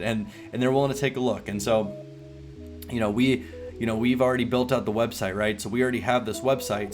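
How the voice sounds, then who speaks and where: A man with a Southern US accent explains sales tactics in a relaxed, rambling, drawling way. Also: medium pitch. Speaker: online business coach. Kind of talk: casual sales tutorial.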